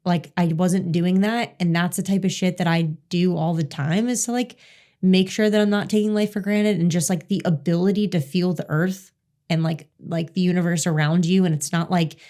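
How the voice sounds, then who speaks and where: A woman's voice: on the low side, steady tone, moderate pace, mellow. A woman co-hosting a podcast, chatting casually and telling stories, swearing freely. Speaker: podcast co-host. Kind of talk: casual chat.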